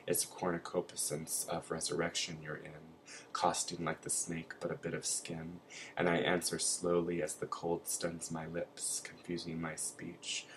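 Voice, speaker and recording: A man reading a literary text aloud in a steady, deliberate way. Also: low-pitched, slight background noise, poor audio. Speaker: reader.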